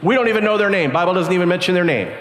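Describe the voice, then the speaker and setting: Older guy preaching to kids at camp, tells stories and does silly voices, kinda high pitched, big echoey hall. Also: racing. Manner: animated, acts out characters with squeaky high voices. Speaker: camp speaker. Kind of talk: storytelling sermon to youth. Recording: long reverb, faint background noise.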